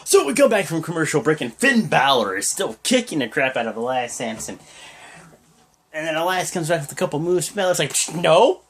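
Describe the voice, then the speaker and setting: Young vlogger, casual wrestling recap, rambling delivery, very animated pitch. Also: a little fast, husky. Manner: rambling, full of fillers and restarts. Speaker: wrestling show reviewer.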